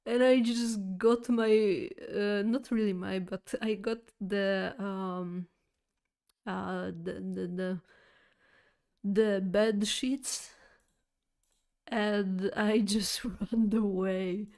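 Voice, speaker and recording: A woman streamer telling a story to her chat in an easy, unhurried way. She rambles, trips over her words and restarts often, with plenty of fillers and little giggles. Her voice sits at a middle pitch. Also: steady tone, darkish tone.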